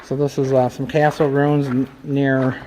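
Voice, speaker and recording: A man's voice: mid-range voice, level tone, a little slow, mellow, slight background noise, rough recording. A middle-aged man filming a casual travel vlog on a handheld phone, walking a city sidewalk and chatting with many fillers and joking asides. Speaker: travel vlogger and channel host. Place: outdoors on a city sidewalk, then in a small car. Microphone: handheld phone camera.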